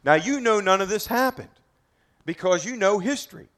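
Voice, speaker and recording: A man's voice: high voice, animated, normal speed, a bit bright. A man leading a group through a history talk at a historic site outdoors, dramatic and emphatic, firing rhetorical questions at his listeners. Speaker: battlefield tour guide.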